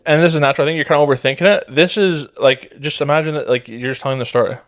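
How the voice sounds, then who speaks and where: Man, guest actor, casual chat, rapid, profane, middle pitch. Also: steady tone. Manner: quick, loose and profane, jumps into stories with acted-out quotes.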